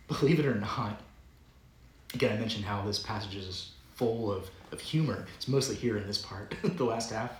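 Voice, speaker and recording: A man's voice: fairly low pitch, fairly bright tone, reverberant, low-quality recording. A man preaching a sermon as pastor, in a conversational, playful way that often breaks into chuckles. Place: church sanctuary.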